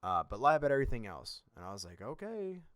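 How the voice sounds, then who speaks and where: A man's voice: lowish voice, animated, rapid-fire, fairly bright tone, clear, resonant tone, no echo, clean studio sound. A young man hosting a podcast, telling a personal story in a blunt, rambling and profane way. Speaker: podcast host.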